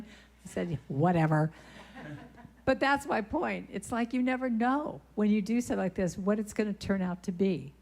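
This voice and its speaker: A woman's voice: mid-range voice, animated, moderate pace, gravelly, darkish tone, slight background noise. A woman speaker giving a conversational sermon at a church, telling stories and breaking into short sung lines. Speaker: guest speaker and singer. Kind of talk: storytelling sermon talk. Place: church sanctuary.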